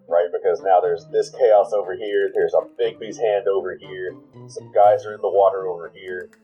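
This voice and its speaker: Man, low mellow voice, game master narrating calmly; slightly dull recording. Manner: measured, descriptive narration.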